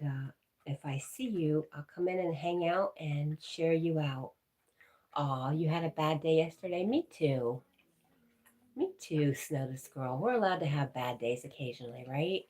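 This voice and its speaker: A woman hosts a livestream, reading her viewers' comments and answering them in casual, affectionate live-chat talk. Her voice is deep, with a darkish tone.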